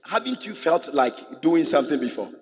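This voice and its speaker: A man's voice: fairly high pitch, sing-song, moderate pace. A male pastor preaching a sermon, emphatic and fond of repeating rhetorical questions to his congregation. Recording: echoey hall with long reverb.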